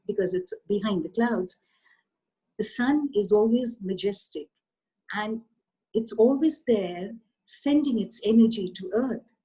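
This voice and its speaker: A woman voicing a solemn, majestic rainbow that proclaims slowly. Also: fairly high pitch, warm tone, husky, poor audio.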